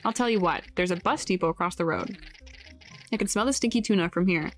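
A woman's voice: on the low side, fast talker, soft background music, pitched below the performer's own voice, close to an everyday voice. A woman voicing a sly male raccoon who deals in junk, reading his lines with cheeky hustler patter. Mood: boastful. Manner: cheeky dealer's patter, read aloud from game text.

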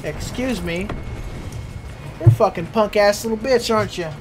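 A man's voice: sits high, moderate pace, music in the background. Swearing, raging young male gamer. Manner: ranting, swearing, bursts into shouting rage. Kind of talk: gameplay commentary with friends.

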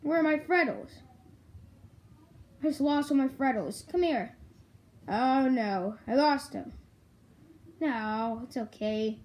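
A woman's voice: sits high, takes it slowly, long pauses, a little mellow, pitched below the performer's own voice. A girl voicing a goofy wannabe-scary plush bear. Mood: playful, boastful. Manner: boastful, clumsy, rehearses roars. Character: goofy animatronic bear plush, male, eager to scare kids. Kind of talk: toy play-acting.

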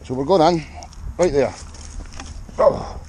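Digging for finds in a cold field, a Scottish metal detecting vlogger gives upbeat, chatty commentary straight to his viewers. His voice is a little high, slow and mellow, and the recording quality is low.

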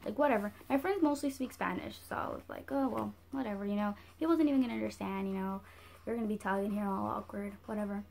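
A teenage girl telling a storytime in a chatty, animated way, full of "like" and "whatever". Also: mid-range voice, quick pace, creaky. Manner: chatty, animated, heavy use of "like". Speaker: vlogger. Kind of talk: casual storytime.

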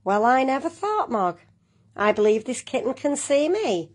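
A woman's voice: high voice, sing-song, moderate pace, slightly rough, voice pushed up, heavily acted. Mog, a grumpy old cat, as a woman reads her. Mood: grumbling. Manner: grumbling, indignant. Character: grumpy old female house cat, ghost.

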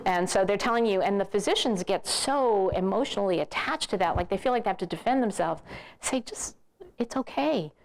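A middle-aged woman telling a story in a talk, animated and laughing often. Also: mid-range voice, brisk. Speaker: physician support director.

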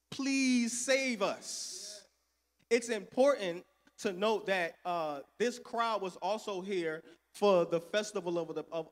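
A man preaching a sermon, calling for responses and swinging between loud and soft. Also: sits high. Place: church sanctuary. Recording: echoey church hall.

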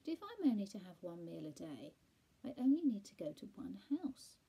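A woman's voice: mid-range voice, very animated, moderate pace, gravelly, warm tone, breathy edge, full character voice. Woman doing a meek, plaintive fat cat. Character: fat, sad, greedy male house cat.

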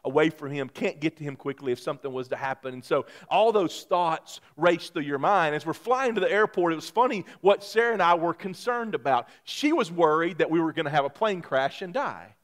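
A man, a pastor preaching a sermon who tells a personal story in an animated way, his voice climbing high and loud when he gets excited. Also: fairly quick, hardly any pauses.

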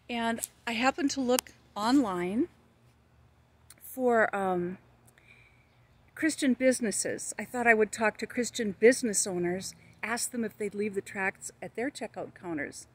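A woman's voice: medium pitch, measured pace, breathy edge. Earnest older American woman preaching outdoors. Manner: earnest, storytelling with quoted dialogue. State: hot, red-cheeked in a heat wave. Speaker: evangelist vlogger. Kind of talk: casual testimony vlog. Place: outdoors in the shade of a tree.

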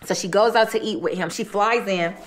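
A woman's voice: medium pitch, brisk. A woman hosting an eating show, retelling a true-crime story in a casual, colloquial way with repeated phrases. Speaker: host.

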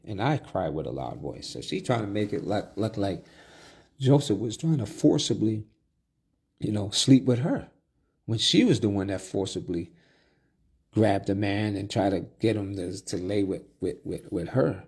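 A man's voice: on the low side, normal speed, a little mellow, breathy edge. A man preaching a Bible study sermon, reading scripture aloud and then explaining it in plain talk with restarts and asides.

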